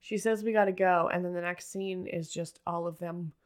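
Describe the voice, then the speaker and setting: A woman's voice: on the low side, fairly even intonation, normal speed, clear, resonant tone. A woman in casual chat retelling scenes from a TV episode, full of "like" fillers and quoted lines.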